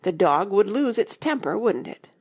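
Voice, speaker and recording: A woman's voice: medium pitch, very animated, moderate pace, darkish tone, husky, voice pushed up. A woman voicing a domineering queen who lectures and quizzes, speaking emphatically. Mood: bossy. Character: bossy domineering storybook queen, loud and stern.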